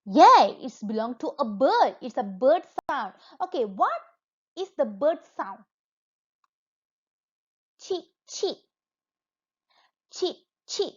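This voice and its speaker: A woman's voice: high voice, big pitch swings, a little slow, a little mellow, slightly rough. A woman with a Malaysian accent teaching a lesson to young children, coaxing them along in a sing-song way. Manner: sing-song, coaxing, imitates animal and object sounds. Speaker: kindergarten teacher. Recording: dull lo-fi recording.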